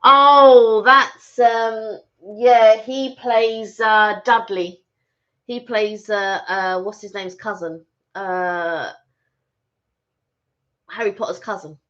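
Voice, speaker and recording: A woman's voice: medium pitch, steady tone, drawn-out words, a bit bright. A woman co-hosting a live stream, chatting casually and rambling with lots of restarts and fillers. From Britain. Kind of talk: casual chat. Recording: dull lo-fi live stream audio.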